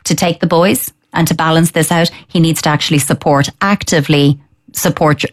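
At a moderate pace, a low-pitched woman gives parenting advice on a radio or podcast show, responding to listener letters. Her delivery is steady, calm and firm, and she illustrates ideas by performing a child's inner thoughts.

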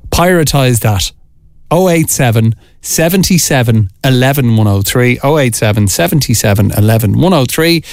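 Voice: medium pitch, no room sound, studio quality. A radio presenter with a bouncy, upbeat delivery, running competition promos and traffic. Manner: bouncy, lively delivery with quick reads of lists and numbers. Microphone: dry studio microphone.

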